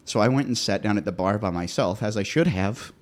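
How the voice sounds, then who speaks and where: Low-voiced man telling a story on a podcast. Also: a little fast. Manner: laid-back storyteller, repeats words and restarts, laughs at his own story. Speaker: podcast host. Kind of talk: casual podcast chat.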